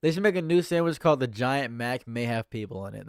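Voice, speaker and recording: A man chatting casually on a livestream, animated and laughing often, swinging between loud high bursts and low mutters. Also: fast talker, clear, resonant tone, no echo, clean studio sound. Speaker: livestream streamer.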